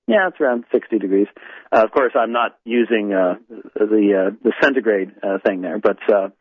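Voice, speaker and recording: A man's voice: lowish voice, normal speed, husky, dry recording. An American man hosting a call-in talk show, chatting casually and rambling with many fillers and restarts. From United States. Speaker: radio show host. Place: indoors in a home in north London. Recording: dry tinny phone-like line.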